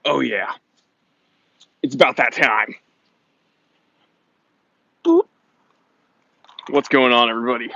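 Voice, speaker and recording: A man's voice: mid-range voice, slow pace, gravelly, long pauses, pushed and bright, dry recording. An American man hosting a casual live stream, chatty and upbeat, reading viewer comments aloud and laughing often, with slightly dull lo-fi stream audio.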